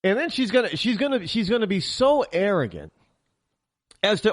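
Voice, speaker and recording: High-pitched, fired-up man ranting. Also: sing-song, moderate pace, dry recording, clean studio sound. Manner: heated ranting with many restarts and stammers. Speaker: talk show host. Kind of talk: political talk show monologue.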